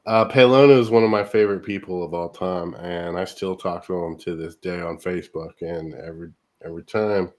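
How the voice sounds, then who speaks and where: A man's voice: low voice, steady tone, fairly quick. A man from California hosting a radio show, chatting casually and enthusiastically and laughing easily. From California, USA.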